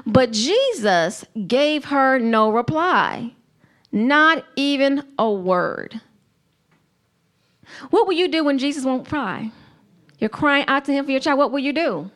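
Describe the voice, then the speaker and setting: A woman preaching a sermon to a congregation, earnest and emphatic, with slow, deliberate phrasing. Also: high voice, expressive, fairly bright tone.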